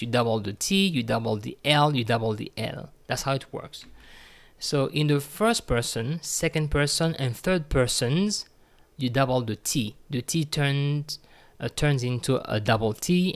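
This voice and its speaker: A man's voice: mid-range voice, normal speed. A man teaching a French grammar lesson, speaking patiently, repeating words and using many fillers.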